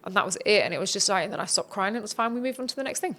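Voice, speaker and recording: A woman talks through personal growth in an earnest, reflective coaching tone. Her voice sits at an ordinary middle pitch, and she speaks in a relaxed conversational podcast style. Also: racing. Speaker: podcast guest.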